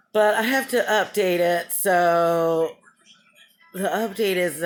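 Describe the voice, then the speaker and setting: Chatty woman vlogger, laughing often. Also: on the low side. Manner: chatty, rambling storytelling with frequent laughter; acts out other people's lines in the story. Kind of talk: casual vlog update.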